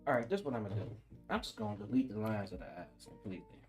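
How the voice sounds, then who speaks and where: A male streamer chats loosely with his viewers while drawing, trading slangy jokes and breaking into laughs. His pitch swings widely as he teases, then drops low while he focuses. Soft music plays faintly behind him. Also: very animated, racing. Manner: joking, laughs often, slangy banter with chat.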